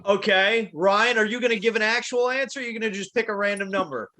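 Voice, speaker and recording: Man, podcast host, bright tense voice, a bit high, runs the round of picks. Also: fast. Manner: leads the talk, calls on each co-host. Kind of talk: casual wrestling prediction chat.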